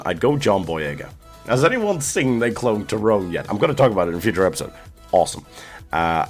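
A man hosting a solo movie podcast, chatting casually and laughing often. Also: low-pitched. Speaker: podcast host.

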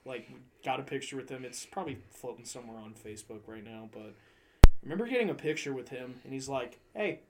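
A man's voice: medium pitch, lively intonation, fast, very noisy. A man hosting a podcast in casual chat, telling concert stories with swearing and laughter.

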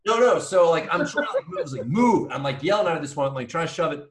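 A man's voice: on the high side, fast talker. Rambling, profane male storyteller in an echoey room. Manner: excitable, swears freely, acts out his own yelling. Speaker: podcast co-host. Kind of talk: casual chat, animated storytelling. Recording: roomy echo.

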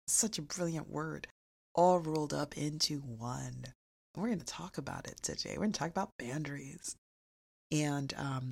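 Woman podcast host with a deep, gravelly voice and slow, emphatic inspirational delivery. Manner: warmly emphatic, repeats phrases slowly for effect.

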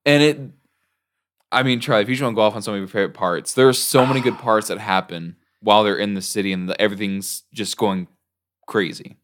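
A man's voice: lowish voice, fairly even intonation, quick pace, a bit bright. A man in casual podcast chat, recapping scenes in a rambling way full of filler words.

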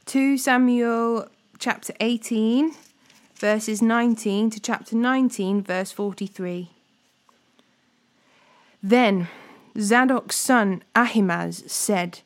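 Woman reading scripture, somewhat high voice. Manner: steady, deliberate reading with small slips. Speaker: Bible reading host.

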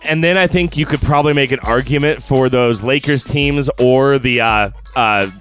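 A man's voice: mid-range voice, fairly bright tone, faint music behind. Opinionated male sports co-host. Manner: conversational, opinionated, quick to laugh. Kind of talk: casual sports talk.

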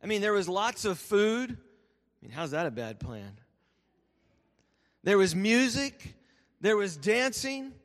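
A man, a pastor preaching a sermon and telling lively stories that he laughs through. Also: high-pitched, slow pace, pauses often. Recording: reverberant church hall.

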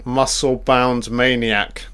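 A man talks over a film as it plays, reacting with excitement and cursing freely. His delivery is slow and drawn out, with an ordinary mid-range pitch. He sounds like a fan chatting casually rather than a polished presenter. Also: clear, resonant tone. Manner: excitable, heavy swearing, reacts aloud to the screen. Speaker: film commentator.

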